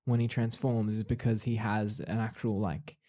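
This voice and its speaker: A man's voice: fairly low pitch, little pitch movement, normal speed, dark tone. A man co-hosting a pop culture podcast in an easygoing, casual way, laughing often. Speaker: podcast co-host. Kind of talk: casual chat.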